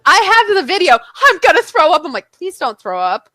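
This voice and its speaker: A woman's voice: very high-pitched, brisk, no echo. A young woman co-hosting a podcast, telling a story in casual chat, acting out what people said and swearing freely. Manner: animated, acts out quotes, swears. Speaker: podcast co-host.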